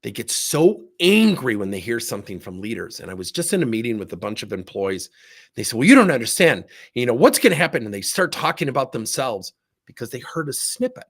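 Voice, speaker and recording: A middle-aged man with a gravelly, husky voice coaching on leadership. He tells workplace stories and acts out both sides of each exchange, and his pitch swings widely. The delivery is animated and lively. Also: fairly quick. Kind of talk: livestream talk with acted anecdotes.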